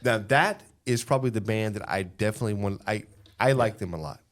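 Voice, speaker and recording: Man co-host, lowish voice, emphatic, rambles and restarts. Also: brisk. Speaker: podcast co-host. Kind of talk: casual chat.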